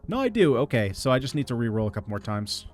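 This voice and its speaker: A man giving casual gameplay commentary, reading out item picks in a relaxed running patter. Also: medium pitch, fast talker, faint music behind. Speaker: gaming video creator.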